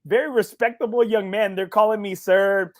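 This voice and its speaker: A man's voice: sits high, fairly even intonation, normal speed. A man hosting a golf podcast, chatting casually and in a chummy way with his guest, often repeating his phrases. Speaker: podcast host. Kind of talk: casual interview chat.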